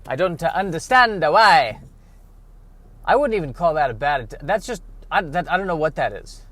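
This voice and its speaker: A man's voice: on the high side, sing-song, moderate pace, a bit bright, no echo. A man rambling to the camera from a car in traffic, sarcastic and self-mocking, with bursts of mock outrage. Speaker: vlogger. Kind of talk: rambling solo monologue.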